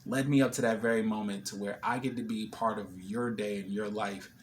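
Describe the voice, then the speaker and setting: A man's voice: fairly low pitch, fairly even intonation, fairly quick, slight background noise. A man vlogging, casually telling an emotional story and retelling a conversation line by line. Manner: emotional, retelling a conversation with quoted back-and-forth.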